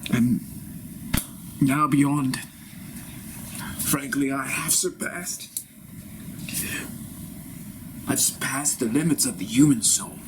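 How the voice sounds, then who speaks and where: A man's voice: mid-range voice, slow pace, pauses often, background noise, lightly acted. A man playing a grandiose self-proclaimed ascended spiritual master in a solo improv, talking in a lofty, pompous way that drifts into whispers, recorded inside a vehicle. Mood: pleading. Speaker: improv performer.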